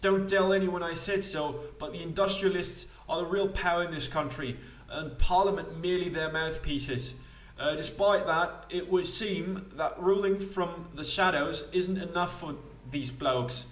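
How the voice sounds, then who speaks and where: A man voicing a gossipy upper-class gentleman with a British accent, in a confiding, chatty manner. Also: a little high, measured pace, roomy sound, recorded from a distance, pitched above the performer's own voice.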